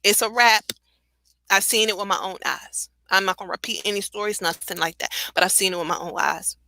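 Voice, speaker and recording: Impassioned woman with a bright, dry voice. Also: mid-range voice, steady tone, fairly quick, gravelly, dry recording, poor audio. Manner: impassioned, conversational, with laughs and frequent fillers. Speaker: guest on a talk radio show. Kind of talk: casual radio commentary.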